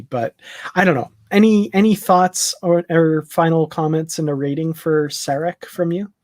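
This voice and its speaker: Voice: medium pitch, a little mellow, no echo, studio quality. A co-host in a casual live-stream chat, easygoing, laughing often and hesitating with fillers.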